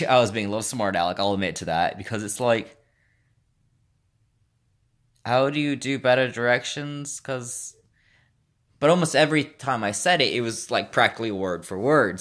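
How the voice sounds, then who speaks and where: A man's voice: on the low side, normal speed, pauses often, fairly bright tone. A man who works in a store, telling a story in a casual, bemused way. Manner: bemused, retelling an awkward encounter. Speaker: store worker.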